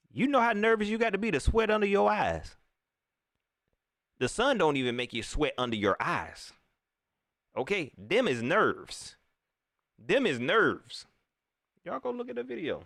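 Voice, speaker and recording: A man hosting a casual live-stream sports talk show, animated and repeating phrases, often laughing. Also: fairly high pitch, no room sound, studio quality. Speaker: sports fan show host.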